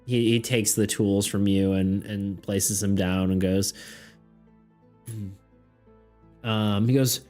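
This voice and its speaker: A man's voice: fairly low pitch, steady tone, takes it slowly, pauses often, darkish tone, faint music behind. Rambling, laughing man running a tabletop game. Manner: rambling, laughs often, many fillers. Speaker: game master and streamer. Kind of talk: casual narration of a streamed tabletop game.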